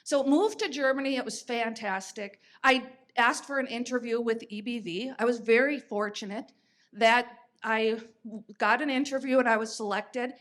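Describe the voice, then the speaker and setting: A woman's voice: fairly high pitch, moderate pace, fairly bright tone. A woman in her fifties, a podcast host telling stories in a chatty way, with fillers and restarts. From United States. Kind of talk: conversational storytelling.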